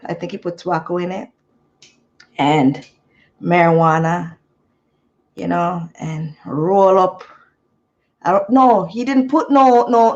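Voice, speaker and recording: A woman's voice: lowish voice, highs cut off. A woman telling a rambling story to her live chat in a chatty way, laughing easily. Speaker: vlogger.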